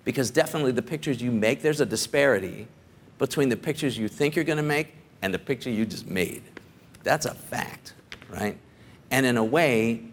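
Rambling, chatty middle-aged man. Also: mid-range voice. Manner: rambling and conversational, full of "like" and "right?". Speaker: photographer giving a talk. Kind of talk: casual talk to a studio audience. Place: studio.

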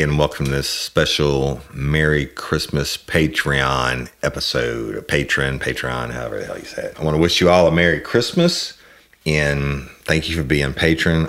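A man's voice: rumbling low, a bit bright. A man hosting a podcast, chatting to listeners in a folksy, self-deprecating way. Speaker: podcast host. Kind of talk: casual chat to listeners.

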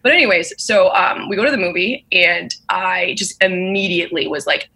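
A woman's voice: lowish voice, moderate pace, bright, forceful tone, breathy edge. A young woman in casual chat, animatedly telling a dating story and acting out the quotes.

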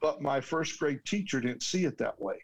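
A man's voice: fairly high pitch, lively intonation, normal speed, vocal fry, rough recording. A man, a guest, telling a personal story in an earnest, heartfelt way with restarts. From United States.

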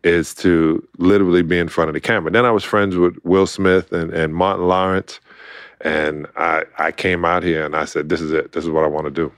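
Deep-voiced Brooklyn man telling stories. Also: a little fast, no room sound, studio quality. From Brooklyn, New York. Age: middle-aged. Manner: animated storyteller, acts out quotes, laughs often. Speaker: guest, former basketball player. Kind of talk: casual storytelling interview.

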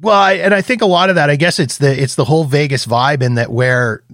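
A male podcast host talks in an easy, reflective way, thinking out loud as he goes. His voice sits a little high for a man. The sound is close and dry, with no room echo. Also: fast. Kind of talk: casual podcast interview.

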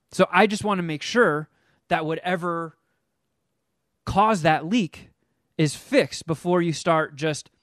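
Man on a podcast, fairly high voice, dry close sound, animated and cursing a lot. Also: no echo. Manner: animated, profane, acts out the people he quotes. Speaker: podcast host. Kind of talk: casual chat, telling a story.

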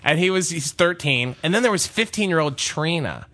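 Animated, bright-voiced joking man. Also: on the high side, normal speed. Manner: jokey, self-deprecating, laughs often. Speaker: podcast co-host. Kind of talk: casual comedic storytelling.

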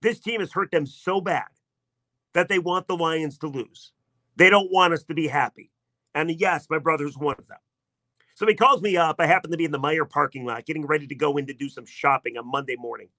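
Bright-voiced sarcastic sports radio man. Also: a little high, a little fast, no room sound. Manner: chatty, sarcastic storytelling. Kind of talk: sports talk radio monologue.

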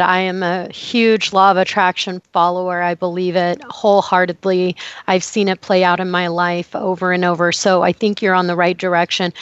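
A woman's voice: fairly low pitch, dry recording. Enthusiastic woman host, dry lo-fi sound. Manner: affirming, enthusiastic. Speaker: podcast host. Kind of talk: interview questions.

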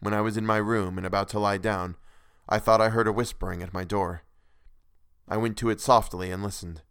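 A man's voice: on the low side, fairly even intonation, brisk, a bit bright, clear, resonant tone, no room sound. A man narrating a classic novel in the first person with earnest, dramatic delivery, recorded on a close microphone.

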